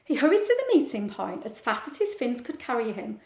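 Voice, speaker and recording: A woman, a teacher, reads a picture book aloud to young children at home and keeps asking them questions. Her voice is high and lively and rises and falls a lot. The room around her is echoey. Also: a little fast, slight background noise. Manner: warm, chatty, asks children questions. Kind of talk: storybook read-aloud.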